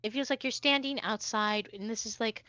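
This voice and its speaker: A woman's voice: a little high, moderate pace, bright, forceful tone, no echo. A woman narrating as game master of a tabletop game, chatty and rambling with many fillers.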